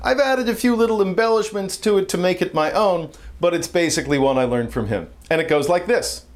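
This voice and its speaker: A man hosting his vlog, telling a personal story and a joke in an animated, expressive way. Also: sits high, fairly quick. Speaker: vlog host.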